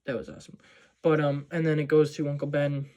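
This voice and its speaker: Male movie vlogger, slightly higher voice, rambling casual recap full of fillers. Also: completely flat delivery, moderate pace, darkish tone.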